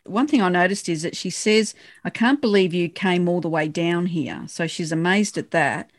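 An Australian woman co-hosting a casual chat about a TV episode, animated and acting out lines from scenes. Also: lowish voice, normal speed, dry recording, clean studio sound. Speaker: podcast co-host.

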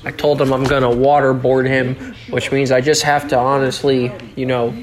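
A man hosting a casual solo podcast, joking around, swearing a lot and breaking into sudden yells. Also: mid-range voice, little pitch movement, moderate pace. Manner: profane, joking, with sudden yelling outbursts. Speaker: podcast host.

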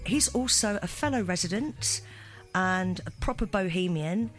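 A woman's voice: medium pitch, animated, unhurried. A woman hosts a casual radio chat show. She talks in a chatty, giggly, rambling way. Faint music sits under her voice. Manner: chatty, giggly, filler-heavy. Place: London radio studio.

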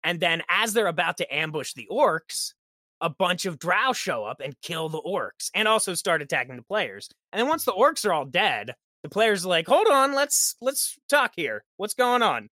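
A man on a podcast chatting as a guest game master, telling lively stories and acting out what his players and characters said. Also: fairly high pitch, moderate pace, dry recording. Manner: lively storyteller who acts out quoted characters. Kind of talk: casual podcast chat.

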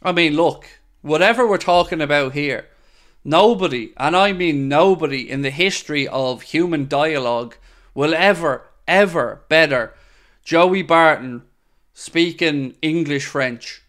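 A man's voice: fairly high pitch, a little slow, fairly bright tone. A young man hosting a podcast, chatting casually and opinionatedly as he reads out comments from a live chat. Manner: chatty and opinionated, with frequent fillers and asides. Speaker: podcast host.

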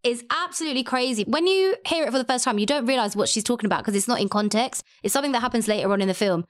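Young woman, casual co-host, animated and sweary, slightly high voice. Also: very fast. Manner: animated, swearing, acts out quotes. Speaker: podcast co-host. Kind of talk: casual chat.

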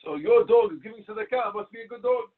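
A polite young charity collector pleads his case with eager, climbing pitch, as a man puts him on while telling a story. The voice is husky and high. It comes through a tinny phone line. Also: sing-song, normal speed, full character voice. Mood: eager pleading.

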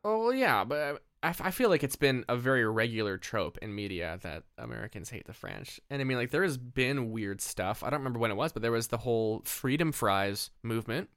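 A man's voice: mid-range voice, animated, a little fast, hardly any pauses, a bit bright, clear, resonant tone, dry recording, clean studio sound. A man co-hosting a podcast in casual chat, rambling and laughing often, with lots of fillers. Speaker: podcast co-host.

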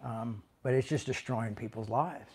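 A man, a pastor, talking candidly and conversationally, often trailing into "you know" and restarting his sentences, moving between quiet reflection and sudden raised emphasis. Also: mid-range voice, moderate pace, breathy edge. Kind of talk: candid personal talk.

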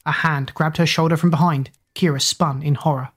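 A woman narrating a storybook in an even, measured reading voice. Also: deep voice, slightly rough.

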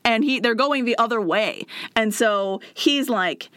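A woman's voice: fairly high pitch, measured pace, a bit bright, clean tone, dry recording, studio quality. Chatty young woman retelling a story. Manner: chatty, full of fillers and acted asides. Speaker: podcast co-host. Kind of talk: casual chat retelling a campaign story.

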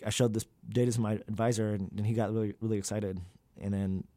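A man's voice: lowish voice, little pitch movement, quick pace, dark tone, dry recording. A young man, a graduate student, talking candidly in an interview, with many fillers and loose, rambling sentences. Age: young adult.

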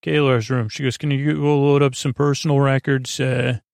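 A man with a gravelly, creaky voice meanders through a sleepy recap, stopping and restarting and filling gaps with uhs. His sound is close and dry, with no room around it. He retells the dialogue casually in his own voice. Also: mid-range voice, little pitch movement, darkish tone, no echo. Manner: meandering, halting, many fillers and self-corrections. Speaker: sleep podcast host. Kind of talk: rambling episode recap for sleep.

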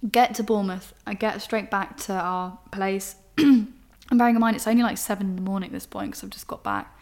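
A woman's voice: medium pitch, expressive, brisk, darkish tone. Frank young Englishwoman telling a story. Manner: emotional, rambling, frank with swearing. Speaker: podcast host. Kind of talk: candid personal storytelling.

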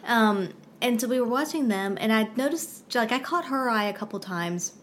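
Relaxed female podcast co-host, slightly high. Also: moderate pace, slight background noise. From United States. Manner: relaxed, chimes in and corrects details. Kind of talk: casual chat.

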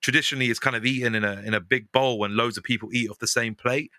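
A young man, chatting casually as a podcast guest, animated and quick, often laughing. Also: medium pitch, no room sound. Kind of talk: casual chat.

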